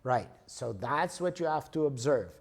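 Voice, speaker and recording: A man's voice: medium pitch, lively intonation, normal speed, creaky, husky. A man giving a lecture and answering an audience member, explaining patiently and often checking in with "okay?" and "right?". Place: lecture room.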